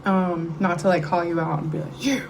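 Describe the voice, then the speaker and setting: This middle-aged woman's voice is lowish and gravelly, a little fast and flat in delivery, and the clip is very noisy. She's candidly and emotionally telling her story to a live audience in a meeting room at a recovery meeting, in a conversational way.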